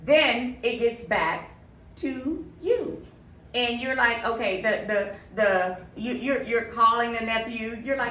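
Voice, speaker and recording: A woman's voice: on the high side, measured pace, a bit bright. A woman co-hosting a podcast, telling a family story in casual chat and acting out the quoted lines. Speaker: podcast co-host. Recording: roomy, distant mic, faint noise.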